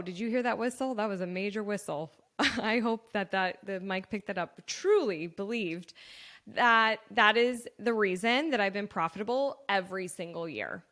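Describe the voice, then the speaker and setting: A woman's voice: mid-range voice, pushed and bright. Chatty earnest woman podcast host. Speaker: podcast host and business owner. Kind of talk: casual solo podcast talk.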